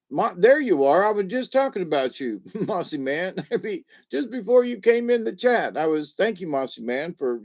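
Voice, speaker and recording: Slow, amused man in his seventies. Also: on the high side, dull audio. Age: 70s. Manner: amused, chuckles often, rambling with restarts. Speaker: livestream host reading chat. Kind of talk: casual rambling livestream chat.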